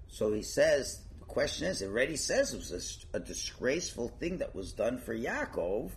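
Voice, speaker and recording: A man's voice: medium pitch, sing-song, normal speed. A man teaching through a casually told story, acting out its characters with many fillers. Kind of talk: casual spoken storytelling lesson.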